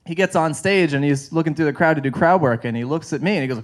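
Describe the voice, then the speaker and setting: A man's voice: fairly high pitch, animated, brisk, slight background noise. A man doing a stand-up comedy set, rambling through self-deprecating stories and laughing at his own jokes. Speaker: stand-up comic. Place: comedy show stage.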